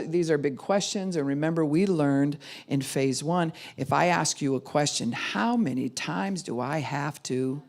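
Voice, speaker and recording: A woman's voice: sits low, animated, moderate pace, few pauses, a little mellow. A middle-aged woman pastor giving a conversational sermon, acting out the people she quotes. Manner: conversational, acts out quoted voices. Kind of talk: sermon teaching.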